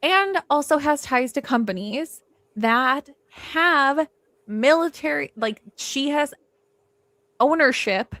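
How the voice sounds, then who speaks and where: Woman true crime host, gravelly edge, dry close sound, emphatic and rambling. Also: high-pitched, expressive, takes it slowly, fairly bright tone, no echo. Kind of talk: casual livestream discussion.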